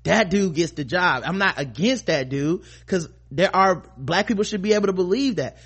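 Podcast host guy ranting, kinda higher voice, swears a lot, all over the place. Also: lively intonation, moderate pace, fairly bright tone, husky. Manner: rambling, impassioned, profane. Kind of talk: casual podcast commentary.

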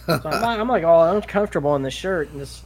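Podcast co-host, a man with a slightly high voice, loose cussing storyteller. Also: animated, quick pace. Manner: rambling, profane storytelling with laughs. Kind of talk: casual podcast chat.

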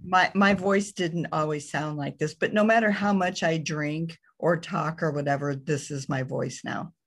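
A woman in her fifties with a raspy voice, joking easily in casual podcast chat. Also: low voice, fairly even intonation, slight background noise. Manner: slow, easygoing, joking. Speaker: podcast co-host.

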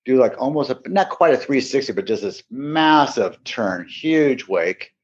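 A man's voice: mid-range voice, a little slow, slight background noise. A man, a podcast guest, telling a long casual anecdote and acting out the people in it. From Seattle area. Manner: animated anecdote, acts out quoted voices. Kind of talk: casual storytelling. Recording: dull lo-fi sound.

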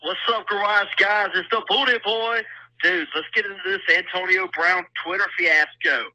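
A brash, hyped man calls in to a podcast and leaves a voicemail. His voice sits high and sounds piercingly bright. The phone line makes it dull and lo-fi. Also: fairly even intonation, normal speed, dry recording. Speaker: voicemail caller.

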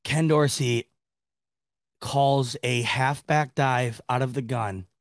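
A man's voice: mid-range voice, steady tone, slow pace, no echo, studio quality. Laughing, rambling sports podcast man. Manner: rambling, laughing, exasperated restarts. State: laughing to tears. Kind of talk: casual sports reaction talk.

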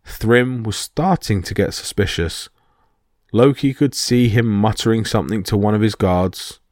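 A man hosting a podcast, reading a myth as steady scripted storytelling. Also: lowish voice, unhurried, no room sound, clean studio sound. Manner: steady reading with small slips. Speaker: podcast host and narrator.

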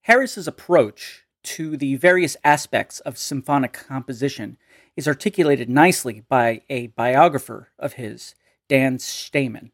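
A man lecturing on music history in a measured, explanatory and precise way. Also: medium pitch, no room sound, studio quality. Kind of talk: lecture narration.

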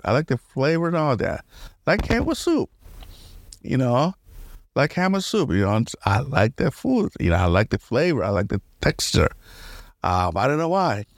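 A man's voice: mid-range voice, vocal fry, no room sound. Male solo podcaster, chatty and meandering, laughs between thoughts, dry recording. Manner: rambling, laughs often, restarts a lot. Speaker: podcast host. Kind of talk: casual solo podcast rambling.

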